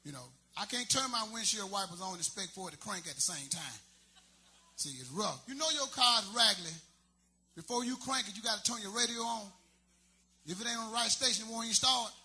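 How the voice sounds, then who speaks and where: A man's voice: high-pitched, expressive, a little fast, bright, forceful tone. A man doing a stand-up comedy set, telling loose, rambling stories full of street slang.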